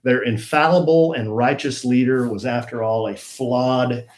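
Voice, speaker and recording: A man's voice: mid-range voice, fairly even intonation, unhurried, a little mellow, reverberant. A man co-hosting a casual podcast, reading a news article aloud and bantering with his co-host. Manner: reads the article then banters, teasing.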